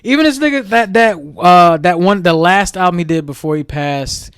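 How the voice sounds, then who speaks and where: A young man with a high voice, chatting on a podcast. He tells stories in an animated way, laughs often and acts out quotes from other people. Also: normal speed, clear, resonant tone. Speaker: podcast co-host. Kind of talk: casual chat.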